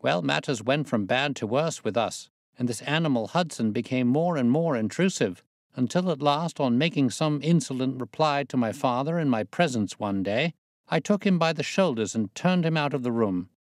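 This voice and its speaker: A man narrating a classic story aloud in a steady, measured reading voice. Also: medium pitch, no room sound, studio quality.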